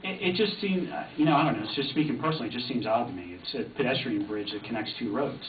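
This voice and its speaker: A man's voice: medium pitch, fast. A middle-aged man speaking as an insurance representative at a township meeting, hedging with plenty of fillers. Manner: hesitant, lots of hedging fillers. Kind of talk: public meeting discussion. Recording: distant, echoey, tinny, noisy.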